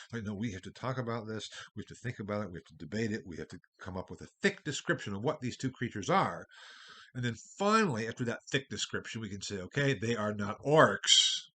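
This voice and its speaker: A man with a husky, fairly low voice gives a recorded university history lecture. He talks in a wandering, discursive way, and his volume varies widely.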